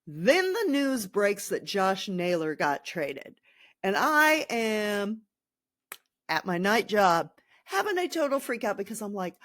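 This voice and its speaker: Young adult woman host, casual sarcastic sports rant, slow and rambling. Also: mid-range voice, dry recording, clean studio sound. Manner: animated, sarcastic, rambling with asides. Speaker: podcast host.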